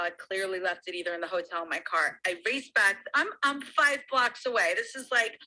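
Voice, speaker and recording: A woman tells a story over a remote call in a bright, clear voice. She talks in a lively, animated way and laughs as she goes. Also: medium pitch, brisk, few pauses, low-quality recording. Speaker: guest sharing a story. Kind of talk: casual storytelling.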